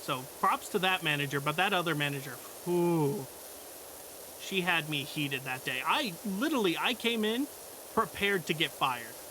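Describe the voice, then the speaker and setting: A young man streaming tells a work story casually, in a blunt, profane, exasperated way. His voice is on the high side, pushed and bright with lively intonation and a moderate pace, over a little hiss or hum.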